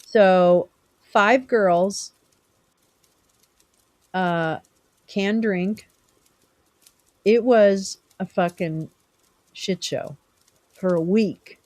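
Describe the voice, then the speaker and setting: A woman's voice: medium pitch, extremely slow, long pauses, darkish tone, no room sound. A middle-aged woman from California, hosting a live stream and chatting casually with viewers, rambling and teasing them by name.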